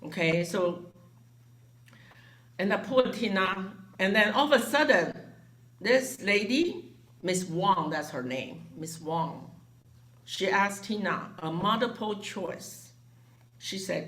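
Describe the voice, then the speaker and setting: Speaking slowly in a medium pitch, this woman, a foundation director, shares a story with a gathering. She brings it to life animatedly, performing the voices of everyone she quotes.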